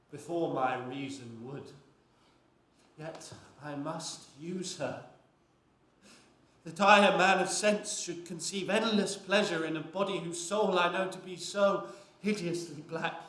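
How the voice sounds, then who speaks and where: Man acting a brooding young man, earnest, intense verse, slightly high voice, stage play, roomy echo. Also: takes it slowly, fairly bright tone. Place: university theatre stage. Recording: echoey stage with faint noise.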